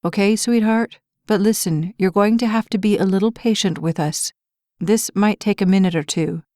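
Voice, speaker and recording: A woman reading a male firefighter who talks gently and patiently to reassure a scared child, in an audiobook. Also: medium pitch, moderate pace, no room sound, studio quality, natural voice. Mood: soothing. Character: calm, soothing male firefighter.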